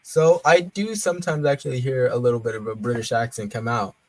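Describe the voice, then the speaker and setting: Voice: mid-range voice, fairly quick, darkish tone, no echo, rough recording. Dry-sounding interviewer asking questions. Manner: brief encouraging backchannels. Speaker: interviewer host. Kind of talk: interview conversation.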